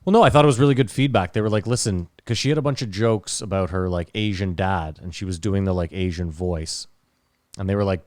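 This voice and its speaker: A man co-hosting a casual podcast, his low voice recorded close and dry with no room around it. He talks loosely, swears often and gets animated when he tells a story. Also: quick pace, no room sound. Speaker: podcast co-host. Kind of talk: casual chat.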